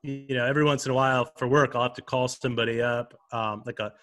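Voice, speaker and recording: A man's voice: mid-range voice, fairly even intonation, fast, a bit bright, faint music behind. A man co-hosting a podcast, telling stories in a laid-back, wry, casual way. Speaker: podcast co-host. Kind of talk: casual chat.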